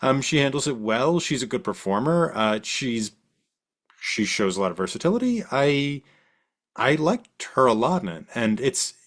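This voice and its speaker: A man's voice: medium pitch, normal speed. A man co-hosting a podcast, casually discussing film adaptations and reading the show's closing promos. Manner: animated, thinks aloud with restarts, then reads promos. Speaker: podcast co-host.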